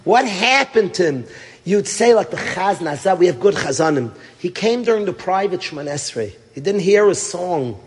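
The speaker is a middle-aged rabbi teaching at a yeshiva, recounting a story in a sermon. His husky, high voice is very animated at a normal pace, emphatic and heavy with rhetorical questions, rising loud and dropping hushed. The sound is that of a big room.

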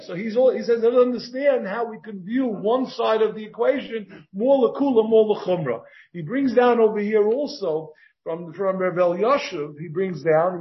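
A rabbi teaching a Talmud class, thinking aloud and posing rhetorical questions as he works through the text. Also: sits high. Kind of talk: Talmud lecture. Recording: dull lo-fi recording.

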